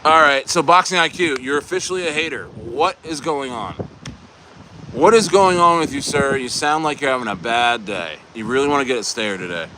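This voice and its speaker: A man's voice: mid-range voice, lively intonation, moderate pace, bright, forceful tone, a little hiss or hum. A man hosting a casual crypto livestream, bantering and joking loosely with viewers in the chat. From United States.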